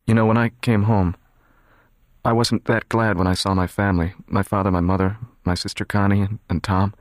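Man doing a guarded young man, cold and controlled, low voice, quiet measured delivery, dry studio sound. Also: level tone, dry recording, close to an everyday voice. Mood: cold, serious. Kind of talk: dramatized audiobook reading.

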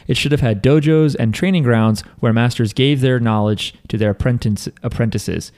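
A man's voice: mid-range voice, moderate pace, darkish tone. A man hosting a podcast in casual chat, rambling and reading listener emails aloud. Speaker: podcast host.

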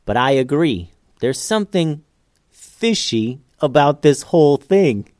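A man's voice: on the high side, very animated, measured pace, darkish tone, no echo, clean studio sound. A man voicing a pun-loving young ninja. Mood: joking. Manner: upbeat, joking.

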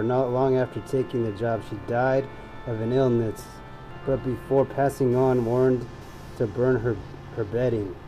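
Mellow-voiced joking podcast man. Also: mid-range voice, poor audio. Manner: stumbling, joking reader. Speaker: podcast co-host. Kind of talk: casual comedic chat and reading aloud.

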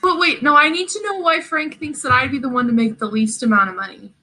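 A woman's voice: sits high, fast talker, pushed and bright. A tipsy, tired woman chatting casually with friends, teasing and playful. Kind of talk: casual chat.

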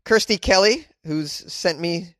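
A man's voice: high-pitched, measured pace, fairly bright tone, dry recording, clean studio sound. A man hosting a podcast, reading news stories aloud and riffing on them with sarcastic, rambling asides and casual swearing. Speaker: podcast host.

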